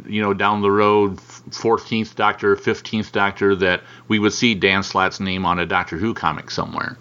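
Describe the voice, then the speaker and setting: A man's voice: fairly low pitch, level tone, normal speed, bright, forceful tone. A man hosting a casual interview, chatty and encouraging, in a muffled lo-fi recording. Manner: chatty, encouraging, frequent backchannel. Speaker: interviewer, host.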